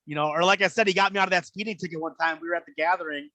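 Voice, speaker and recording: Bright-voiced man telling a story. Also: on the high side, rapid-fire, no room sound. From Southern Illinois. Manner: animated, acts out voices in anecdotes. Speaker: guest storyteller. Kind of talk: casual storytelling.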